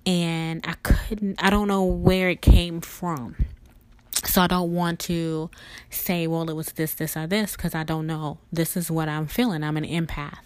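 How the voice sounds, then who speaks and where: A woman telling a personal story in an emotional, earnest, halting way. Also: low voice, little pitch movement, clean tone, no echo. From family roots in Louisiana.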